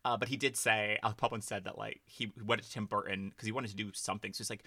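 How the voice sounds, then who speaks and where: A man's voice: lowish voice, steady tone, racing, few pauses, sharp tone, no room sound. A man co-hosting a casual film podcast, rambling with lots of fillers and restarts. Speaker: podcast co-host.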